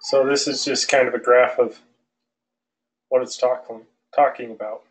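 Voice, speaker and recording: A male aviation instructor lecturing an online class in a relaxed, loose way, with many fillers and restarts. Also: medium pitch, normal speed, poor audio. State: out of breath.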